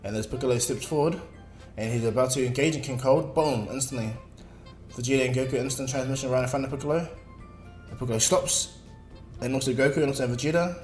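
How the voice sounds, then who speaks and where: A man's voice: mid-range voice, fast. Man casually narrating a fan story. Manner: rambling, with filler words and laughs. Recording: echoey room, faint music.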